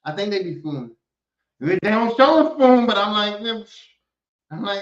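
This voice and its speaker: High-voiced man ranting in an echoey room. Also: normal speed, long pauses. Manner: animated, profane, acts out quotes in other voices. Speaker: podcast host. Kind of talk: casual comedic rant. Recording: echoey room, dull lo-fi sound.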